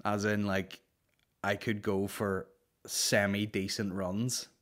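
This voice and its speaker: A man's voice: fairly low pitch, takes it slowly. A man in his thirties hosting a comedy podcast, telling rambling, sweary stories. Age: 30s. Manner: swears a lot, rambling, animated. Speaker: podcast host. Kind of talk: casual comedic storytelling.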